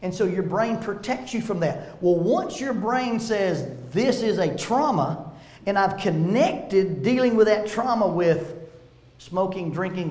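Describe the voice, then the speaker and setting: A man's voice: sits high, darkish tone, echoey room. A man giving a church seminar, telling stories with humor and acting out quotes. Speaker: seminar speaker. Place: church meeting room.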